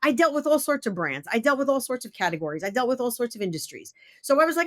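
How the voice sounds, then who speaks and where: Middle-aged woman hosting a podcast, blunt and swears a bit, pitch swings up and down a lot, dry close mic. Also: very animated, fast talker, hardly any pauses, no room sound. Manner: blunt, emphatic and profane. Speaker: podcast host. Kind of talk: casual interview chat.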